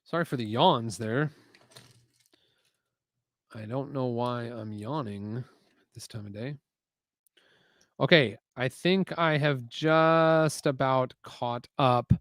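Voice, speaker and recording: Male streamer host, casual and chatty, mid-pitched voice, dry close sound. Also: slow pace, long pauses, fairly bright tone, no room sound. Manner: chatty, muses aloud, reads chat messages. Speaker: LEGO building livestream host. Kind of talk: casual livestream chat while building. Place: home garage.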